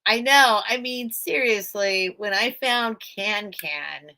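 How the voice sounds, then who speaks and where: A woman's voice: medium pitch, slow pace, pushed and bright. A woman hosting a casual live-stream sale from home, chatty and rambling, often thanking her viewers.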